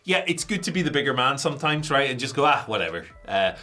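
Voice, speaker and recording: A man's voice: mid-range voice, very animated, quick pace, sharp tone, faint music behind. A man co-hosting a wrestling news show, chatting casually and rambling with jokes.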